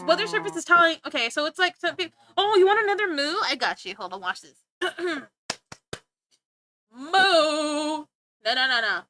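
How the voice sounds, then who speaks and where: Bright, high-voiced woman streamer chatting playfully. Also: slight background noise. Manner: playful, giggly and rambling, often breaking off to laugh; joking, teasing banter with chat. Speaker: livestreamer. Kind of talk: casual live-stream chat with viewers.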